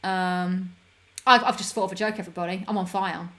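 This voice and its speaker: A woman's voice: on the low side, fairly even intonation, a little fast, bright, forceful tone. A young woman hosting a livestream, chatting casually with viewers in a rambling, self-deprecating way. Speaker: livestream host.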